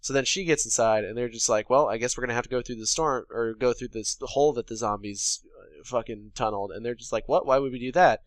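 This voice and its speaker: A man's voice: medium pitch, fast, dry recording. Profane, sarcastic man recapping a movie. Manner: sarcastic, profane, paraphrases characters in quotes. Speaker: podcast co-host. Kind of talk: casual recap chat.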